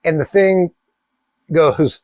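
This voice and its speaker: A man, telling a wild personal story in a profane, animated way. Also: fairly high pitch, takes it slowly, no echo. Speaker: cigar channel host. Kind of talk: casual storytelling.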